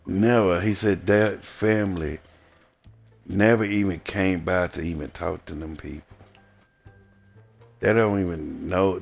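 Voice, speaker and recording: A Southern American man talks in a low, gravelly voice, bluntly and in a rambling way. He swears freely through a casual livestream rant. Soft music plays faintly behind him. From Southern United States. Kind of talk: casual ranting monologue.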